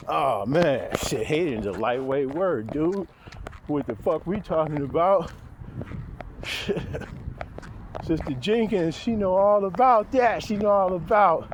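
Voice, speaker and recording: A man talking to camera in a profane, rambling monologue, often chuckling to himself. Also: slight background noise. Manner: profane, rambling, laughing to himself, mocking high voice for quotes. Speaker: vlogger.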